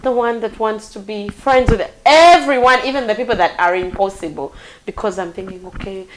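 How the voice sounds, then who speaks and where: A Ugandan woman hosting a live talk show, speaking in a heartfelt, animated way with big swings in pitch and loudness. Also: normal speed, a little hiss or hum, low-quality recording. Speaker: radio and online talk show host.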